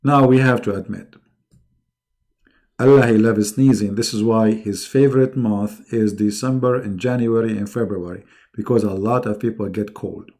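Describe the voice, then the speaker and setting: A man hosting a livestream, talking casually with a mocking, sarcastic, animated manner. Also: on the low side, normal speed. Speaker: livestream host.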